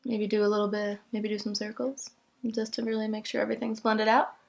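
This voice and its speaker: Young female vlogger, casual step-by-step makeup talk, mid pitch, easy laughs. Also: completely flat delivery, a little fast, vocal fry. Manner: chatty, step-by-step, laughs easily.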